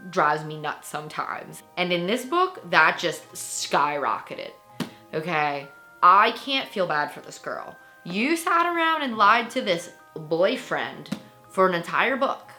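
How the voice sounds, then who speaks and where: A woman talks through a book review in a loose, chatty vlog style. She is animated, laughs often and fills her speech with little asides. Her voice is bright, and faint music plays underneath. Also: fairly low pitch.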